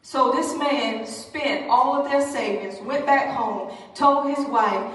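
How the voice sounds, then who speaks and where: A woman preacher telling a story in her sermon, animated and calling out to the congregation. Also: high-pitched, slow. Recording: echoey hall from far off.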